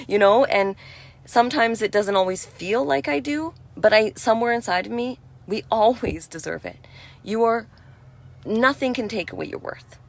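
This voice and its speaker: A woman giving a spiritual energy talk in a gentle, reassuring and affirming way, chatty with frequent "you know". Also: a little high, normal speed, creaky. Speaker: spiritual speaker.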